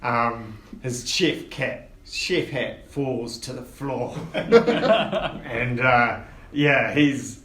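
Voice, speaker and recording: A man narrating a tabletop game as dungeon master, unhurried and descriptive, with frequent fillers. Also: mid-range voice, animated, fairly bright tone. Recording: roomy echo with faint noise.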